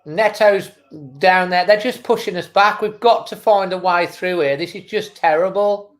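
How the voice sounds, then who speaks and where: A man's voice: high-pitched, steady tone, normal speed, a bit bright. Male fan host, live match reaction, exasperated running commentary. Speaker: football fan channel host.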